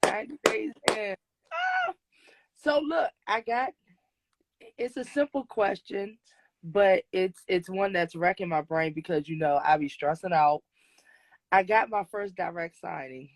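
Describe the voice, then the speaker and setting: Woman from d.c., excitable, slangy, lively pitch, unhurried, dry sound. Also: no echo, rough recording. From Washington, D.C. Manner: excitable, laughs often, slangy. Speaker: guest being coached. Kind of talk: casual chat on a live call.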